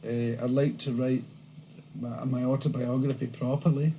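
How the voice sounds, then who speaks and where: In a lively, candid interview, a Glaswegian comedian from Scotland tells animated stories, frequently restarting as he goes. His mid-range voice keeps a normal speed. The audio is poor, taken from an old VHS tape with faint hiss.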